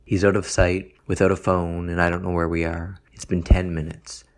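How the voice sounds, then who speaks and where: A man reads a first-person story in a dry, deadpan way, unbothered even by crude details. His voice sits very low and keeps a flat, level line. The delivery stays unhurried and even. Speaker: narrator. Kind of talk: first-person literary narration.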